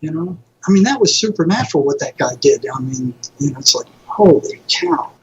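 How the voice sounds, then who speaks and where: A man's voice: a little high, sing-song, a little fast, a little hiss or hum. A retired psychotherapist telling vivid anecdotes in a casual interview, acting out quoted voices as he goes. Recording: dull lo-fi audio.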